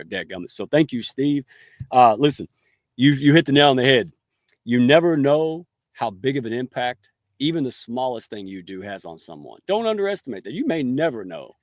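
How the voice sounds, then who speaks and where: A folksy, enthusiastic man hosting a podcast interview, given to homespun turns of phrase. His voice sits at an average pitch, recorded dry and close with no room sound. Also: no echo. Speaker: podcast host.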